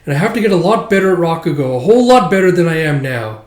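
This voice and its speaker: A man's voice: a little high, big pitch swings, fast, reverberant, pitched above the performer's own voice. A man voicing an earnest young woman apprentice storyteller who is hard on herself. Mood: frustrated. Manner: earnest, self-critical.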